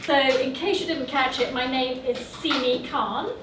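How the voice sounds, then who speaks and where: High-voiced woman poet talking in an echoey venue. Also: moderate pace. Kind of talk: introducing and reciting her poetry on stage. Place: live venue. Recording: echoey room from far off, noisy.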